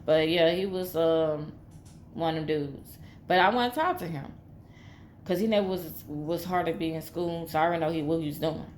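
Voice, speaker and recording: Woman vlogger rambling thru a personal story, kinda low voice, repeats herself a lot. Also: normal speed, a little hiss or hum. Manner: rambling, repetitive, emphatic.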